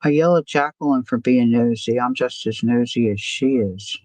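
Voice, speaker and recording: A woman's voice: extremely low pitch, moderate pace, a little mellow, no echo. A woman hosting a casual art journaling livestream, chatting to herself and greeting viewers by name as she works. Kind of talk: casual chat while crafting on a livestream.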